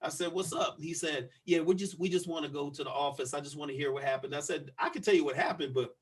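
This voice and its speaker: A man co-hosting a podcast, telling a story in casual chat, profane and animated as he acts out the other people's lines. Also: fairly high pitch, fast, slightly rough. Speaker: podcast co-host.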